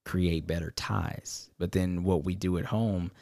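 A man's voice: deep voice, fairly even intonation, measured pace, gravelly, a little mellow, no echo, clean studio sound. A man co-hosting a podcast, talking thoughtfully and reflectively in casual conversation. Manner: thoughtful, reflective, searching for words. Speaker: podcast co-host.

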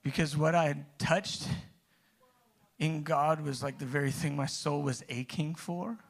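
A man's voice: fairly high pitch, fairly even intonation, measured pace, creaky. A man preaching, telling his own story in a conversational way, with restarts that build to emphatic peaks. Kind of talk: personal testimony sermon.

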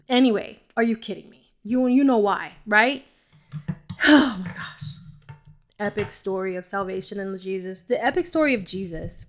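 A woman hosting a podcast, telling her personal faith testimony in an emotional, rambling way and talking straight to her listeners, sometimes dropping to a whisper. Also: medium pitch. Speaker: podcast host. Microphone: audio-only home recording.

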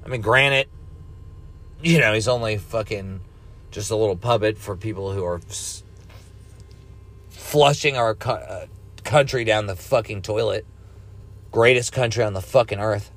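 Male stoner vlogger, lower voice, casual profane monologue, coughs, meandering. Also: unhurried, long pauses, fairly bright tone. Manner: profane, meandering, laid-back with ranting bursts. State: high, coughing now and then. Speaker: cannabis vlogger.

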